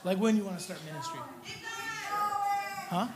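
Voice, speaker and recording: A man preaching to a live group, telling a funny testimony story in an animated, joking way. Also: sits high, moderate pace, very noisy. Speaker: guest preacher.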